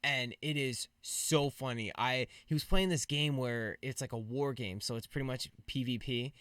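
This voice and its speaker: A podcast host and streamer chats casually about gaming, relaxed and quick to laugh. His voice is medium in pitch, fairly bright, and at normal speed, captured dry with studio quality.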